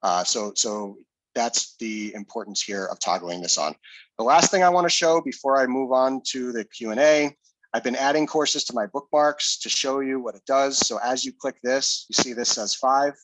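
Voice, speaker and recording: A man's voice: medium pitch, moderate pace, dry recording, rough recording. A man giving a casual, explanatory screen-share demo of a web tool and answering questions, with fillers and restarts. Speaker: presenter.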